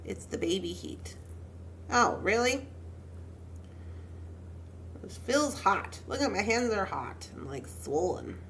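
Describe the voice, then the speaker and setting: With slight background noise behind her, the young pregnant streamer beads jewelry and chats, calling out viewers by name and narrating to herself. She uses a mid-range voice with big pitch swings, speaking slowly and pausing often.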